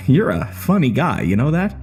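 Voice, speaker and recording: A man's voice: medium pitch, very animated, measured pace, darkish tone, soft background music, voice pushed up. A man playing a sneering, bitter gunman. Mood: mocking. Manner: mocking, swaggering taunts. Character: bitter, sneering male gunman holding hostages. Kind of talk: horror story narration.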